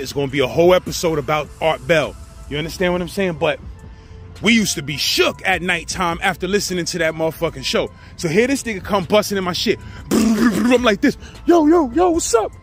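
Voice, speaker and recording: A man with a New York accent telling prison stories in a casual, animated, slangy way. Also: on the high side, a little fast, faint music behind. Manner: animated, slangy, acts out the people in his story. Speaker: storyteller host.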